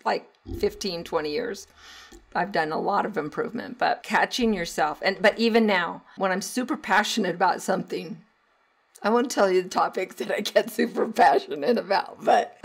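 A middle-aged woman talks through a solo podcast in a chatty, easygoing way. Her voice sits at an ordinary pitch, and laughter often breaks into her lines. She grows animated whenever she acts out a moment. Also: vocal fry, husky. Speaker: podcast host and teacher. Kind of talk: casual solo podcast advice.

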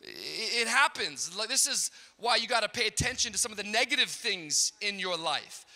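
A middle-aged man preaching a sermon, telling a funny story in a storyteller's way and building up to shouted peaks. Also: high voice, animated, moderate pace. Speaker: pastor. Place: large church auditorium. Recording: hall reverb.

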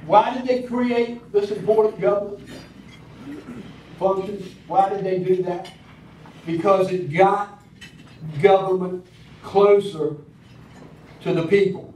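A man's voice: sits high, steady tone, slow, long pauses, darkish tone, slight background noise. A man in his sixties with a Southern American accent, giving a folksy public speech with hesitant fillers at a breakfast event. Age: 60s. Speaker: county commissioner speaking at a public event. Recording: echoey hall, picked up from a distance. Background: clinking cutlery and dishes.

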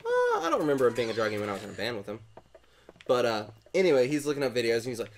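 A man's voice: mid-range voice, sing-song, very fast, slight background noise. A young man telling a long, rambling story while playing a game with a friend, often breaking off mid-sentence. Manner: rambling, self-interrupting anecdote. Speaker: gaming co-host telling a story. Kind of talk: casual storytelling over gameplay.

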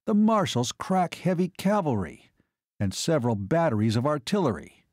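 A man's voice: a little high, very animated, moderate pace, darkish tone, dry recording, clean studio sound, voice pushed up. A man voicing a keen male glider pilot, explaining and giving orders in an audiobook. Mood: urgent. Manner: explaining, then urgent.

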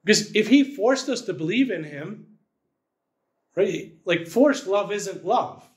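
A man's voice: high-pitched, expressive, slow pace. A man, the church's pastor, preaching a sermon in a conversational style, often checking in with "right?".

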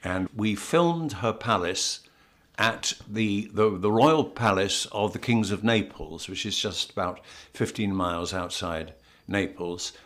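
An older English actor with a lowish, somewhat bright voice tells anecdotes as an interview guest at an unhurried pace. His storytelling is full of stammered restarts and laughs.

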